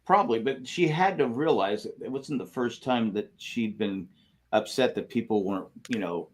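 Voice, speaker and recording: A man in casual podcast chat with a mid-range voice, often stopping and restarting his sentences as he works his thoughts out loud. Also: mid-range voice, animated. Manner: halting, many restarts and fillers. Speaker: podcast co-host.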